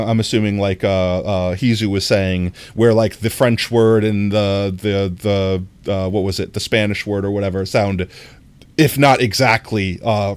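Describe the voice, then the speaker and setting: A young man with an American accent and a somewhat low voice talks casually to his stream chat. He rambles, restarts his sentences and laughs between thoughts.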